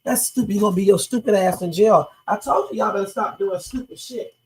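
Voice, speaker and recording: Streamer reacting to clips, cussing a lot, talks right to chat, middle pitch. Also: fairly quick. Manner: blunt, profane, talks straight to viewers. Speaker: livestream host. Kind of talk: casual reaction commentary.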